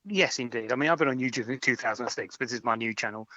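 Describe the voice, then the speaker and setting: A man calling in to a chat show, bantering in a quick, jokey way. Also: mid-range voice, sharp tone, dry recording, lo-fi sound. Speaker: phone-in caller. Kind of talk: casual chat.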